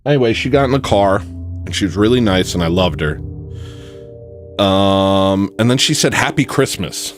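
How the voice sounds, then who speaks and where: A man's voice: expressive, normal speed, pauses often, faint music behind. Man in a mock-earnest, rambling satirical monologue. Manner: mock-earnest, rambling, with sudden swings in pitch.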